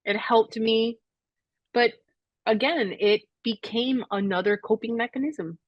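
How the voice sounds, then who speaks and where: A middle-aged woman telling her personal story as a podcast guest, reflective and halting, with tearful moments. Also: on the high side, no room sound, muffled recording.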